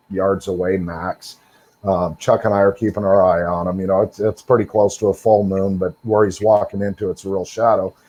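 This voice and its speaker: A middle-aged man with a low, warm voice is a guest on a call, sharing his encounters. He tells his story casually and rambles, full of fillers and repeated words.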